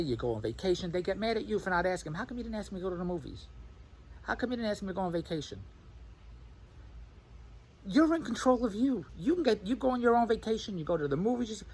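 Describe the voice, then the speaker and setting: A man in a rambling, animated vlog monologue who keeps imitating other people's voices as he tells his stories. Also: high-pitched, husky, low-quality recording. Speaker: vlogger. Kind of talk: rambling self-recorded monologue.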